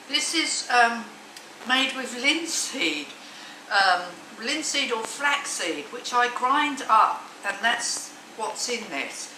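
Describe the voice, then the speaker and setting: A woman's voice: fairly high pitch, very animated, takes it slowly, bright, forceful tone. A woman vlogging casually from her home kitchen, chatty and enthusiastic with many ums and restarts. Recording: echoey room, distant mic, noisy.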